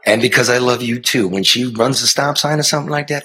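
A middle-aged man, a former TV news reporter, telling a personal story in an earnest, conversational way, moving from hushed to impassioned. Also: medium pitch, quick pace. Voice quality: raspy. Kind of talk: earnest spoken storytelling and banter.

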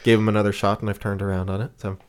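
A man's voice: lowish voice, flat delivery, racing, darkish tone, smooth. Rambling man on a podcast. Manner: rambling, filler-heavy, laughs often. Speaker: podcast co-host. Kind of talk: casual podcast chat.

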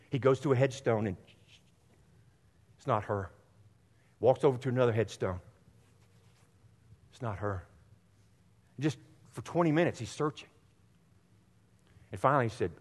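A middle-aged man preaching a sermon, dropping to near whispers for stories and rising to loud exhortation. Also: mid-range voice, moderate pace, long pauses. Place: church sanctuary. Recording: long reverb of a church hall.

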